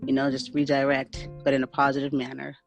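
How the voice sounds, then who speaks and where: A woman's voice: a bass voice, completely flat delivery, brisk, creaky, over music. A woman hosting a podcast, talking casually with lots of fillers and restarts. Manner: casual, filler-heavy, rambling. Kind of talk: casual conversation.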